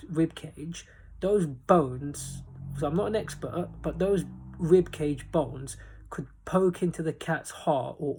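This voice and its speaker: A man's voice: a little high, a little mellow, a little hiss or hum. A man hosting a casual opinion vlog, rambling and indignant, often repeating himself. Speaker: commentary channel host.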